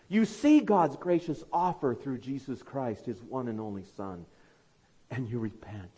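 A man preaching a sermon as pastor, fervently urging his listeners, then dropping to quiet, low asides. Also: animated, measured pace, breathy edge.

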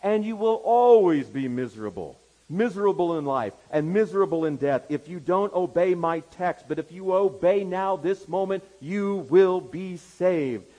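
A man's voice: high-pitched, lively intonation, normal speed, mellow, pitched above the performer's own voice, rough recording. A man voicing a plain-spoken, fervent lay preacher with a broad Essex accent, exhorting from the pulpit. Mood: fervent pleading.

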